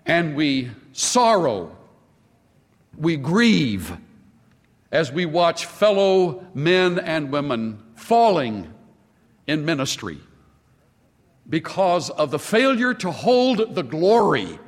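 A man preaching a sermon with impassioned, emphatic repetition and long pauses on key words. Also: a little high, very animated. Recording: long hall reverb.

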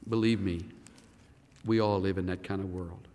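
A male pastor preaching a sermon, animated and full of rhetorical questions. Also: sits low, normal speed, long pauses, big-room sound.

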